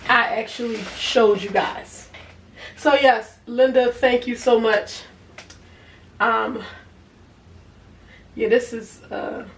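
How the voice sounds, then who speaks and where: A young adult woman, casually reviewing products on camera and chatting to her viewers. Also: fairly high pitch. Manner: chatty, talks to viewers as y'all, easy laughs. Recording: echoey room, a bit far from the mic, faint noise.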